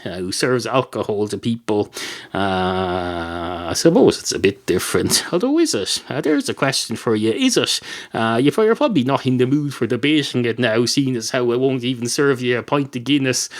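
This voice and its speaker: A man's voice: medium pitch, natural voice. A man voicing a fussy, self-important male barman who rambles pompously and stumbles over words.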